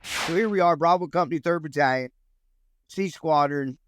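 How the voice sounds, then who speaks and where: A man's voice: on the high side, normal speed, a bit bright, a little hiss or hum. A man, telling a long, rambling story as an interview guest, restarting sentences and acting out quotes. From United States. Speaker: guest, former Army Ranger.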